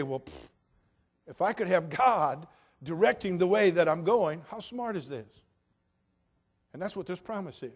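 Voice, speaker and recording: A man preaching a sermon in a conversational way, with humorous asides and swings from quiet remarks to emphatic declarations. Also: a little high. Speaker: pastor.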